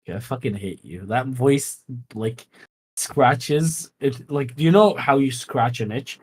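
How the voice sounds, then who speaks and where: A man's voice: medium pitch, unhurried, darkish tone, slightly rough. A man whose first language is Arabic, a guest on a live stream, chatting casually, teasing, laughing often and swearing. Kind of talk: casual chat.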